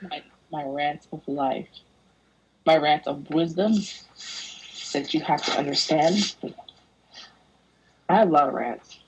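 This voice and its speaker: A woman's voice: deep voice, takes it slowly, pauses often, darkish tone, husky. A young woman, a podcast guest, ranting animatedly in casual chat, slipping into mocking voices. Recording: tinny phone-like audio.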